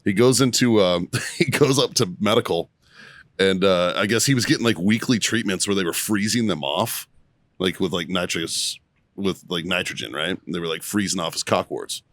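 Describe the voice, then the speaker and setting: A man's voice: low voice, moderate pace, fairly bright tone, no echo. A young man, a podcast co-host, telling a rambling story in casual chat, swearing and laughing often.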